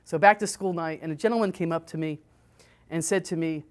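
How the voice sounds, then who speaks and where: Woman, 50s, Catholic sister hosting a podcast; low-ish voice, casual storytelling delivery, informal restarts. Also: moderate pace. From United States. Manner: storytelling, conversational, with restarts and animated quoting. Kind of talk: casual spoken reflection.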